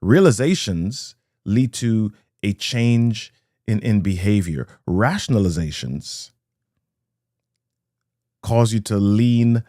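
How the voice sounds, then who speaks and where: Low-voiced man giving a rhythmic motivational talk. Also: expressive, takes it slowly, dark tone, no room sound, studio quality. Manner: rhythmic, repeats key lines, greets viewers. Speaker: motivational speaker. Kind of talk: live-streamed motivational talk.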